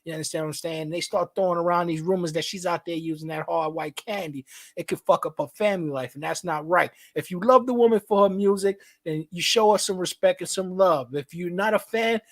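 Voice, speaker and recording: A man's voice: sits high, a little fast. A man co-hosting a casual live stream, joking and freestyling at times and speaking earnestly at others, often repeating words as he stumbles. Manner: playful, riffing and freestyling, then earnest. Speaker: co-host.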